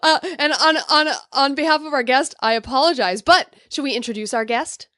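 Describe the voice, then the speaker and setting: A woman's voice: high-pitched, brisk, bright, forceful tone, no room sound, clean studio sound. A woman co-hosting a casual fan podcast, bubbly, giggly and enthusiastic. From United States. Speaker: podcast co-host.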